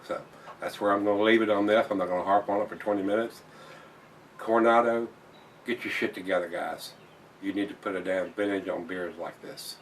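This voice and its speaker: A man's voice: fairly low pitch, recorded from a distance, slight background noise. A man reviewing a beer in a casual vlog, blunt and plain-spoken, swearing when annoyed and repeating himself.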